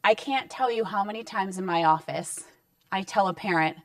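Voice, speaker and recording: At a normal speed and in a mid-range voice, a woman counselor talks parenting straight to camera, conversational and reassuring, now and then acting out brief parent-child exchanges. The sound is dry, with no echo, and the mic is set well back from her.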